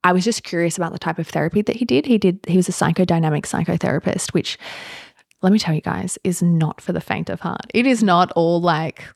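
Low, gravelly-voiced woman sharing her story. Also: a little fast, no room sound, clean studio sound. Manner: reflective, open storytelling with soft fillers. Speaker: podcast host. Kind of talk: candid personal conversation.

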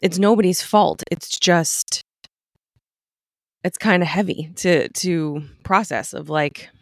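A woman's voice: lowish voice, takes it slowly, no room sound. Reflective woman, dry close sound. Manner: reflective, searching for words with many restarts. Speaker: podcast co-host. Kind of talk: casual conversation.

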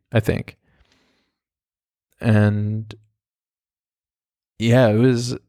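A man's voice: on the low side, a little mellow, clear, resonant tone, no room sound, studio quality. A young man hosting a podcast, telling a story casually with lots of fillers and swearing. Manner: rambling, profane, full of fillers like "like". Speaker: podcast host.

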